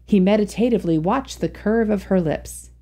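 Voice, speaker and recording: A woman's voice: medium pitch, moderate pace, dark tone. A woman reading a classic humorous short story aloud as a storyteller, narrating expressively.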